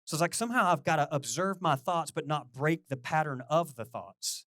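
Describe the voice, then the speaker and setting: A middle-aged male pastor giving a chatty, animated sermon, poking fun at himself and acting out little conversations. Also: on the high side, moderate pace, no echo, studio quality. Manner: animated, self-deprecating, quotes people in lively voices.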